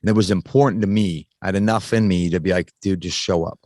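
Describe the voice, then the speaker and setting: A man's voice: deep voice, fairly even intonation, quick pace, darkish tone, dry recording. A man in his thirties, a podcast guest, telling a candid personal story in casual, frank talk that swears freely and often restarts its sentences.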